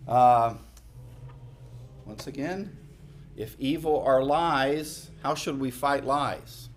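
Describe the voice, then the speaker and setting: Middle-aged male preacher, unhurried and conversational, repeats lines for emphasis; light hiss in the background. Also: medium pitch. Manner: conversational, emphatic repetitions, drops to quiet asides. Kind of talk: sermon. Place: church hall.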